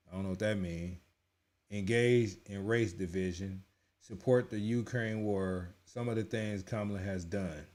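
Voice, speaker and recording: A man hosting a casual live reaction stream, speaking bluntly with plenty of slang. His voice sits a bit low.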